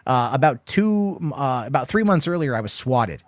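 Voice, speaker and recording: A man's voice: mid-range voice, very animated, normal speed, dry recording, clean studio sound. A man hosting a casual late-night movie chat, rambling through stories with lots of swearing and acted-out quotes. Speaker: host.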